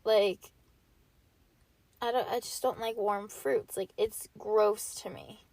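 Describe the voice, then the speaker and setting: A woman's voice: medium pitch, steady tone, takes it slowly, darkish tone. A young woman hosting a solo podcast, chatting casually and rambling with constant filler words, her voice a bit stuffy and sniffly from a cold. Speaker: podcast host.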